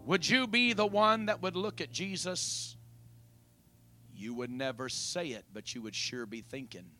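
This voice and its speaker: A man's voice: fairly high pitch, unhurried, bright, forceful tone, faint music behind. A man preaching a sermon, retelling a story dramatically and questioning his listeners directly.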